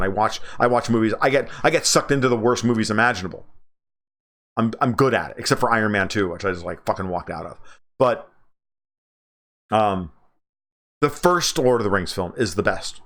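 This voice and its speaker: A man in his forties hosting a livestream, talking about movies in a casual, profane, emphatic way, often restarting and jumping up in pitch when excited. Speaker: livestream host.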